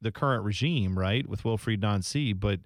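A man co-hosting a casual sports podcast, talking in an animated way and mimicking announcers in high, exaggerated bursts. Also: moderate pace, no echo, clean studio sound. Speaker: podcast co-host.

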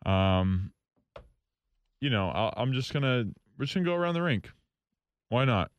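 A man hosting a solo hockey talk show from a station studio, rambling, excitable and jokingly bitter. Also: mid-range voice, normal speed, smooth, no room sound. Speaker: hockey podcast host.

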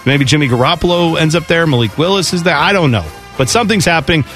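A chatty, opinionated man talks sports on the radio, his voice sitting a touch high for a man. He rolls from one item to the next and mimics the people he quotes. Faint music plays underneath. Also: fast talker, a bit bright. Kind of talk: casual sports radio chat. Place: radio studio.

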